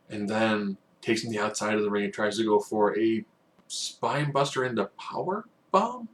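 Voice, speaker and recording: Man doing a casual recap, low-voiced. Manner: rambling, acts out quotes in bursts. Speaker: wrestling recap host.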